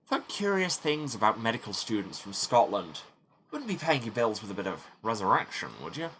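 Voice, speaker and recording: A man's voice: on the low side, very animated, a little fast, fairly bright tone, slight background noise. Man reading a nosy census-taker. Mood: prying. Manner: plainly read, prying questions.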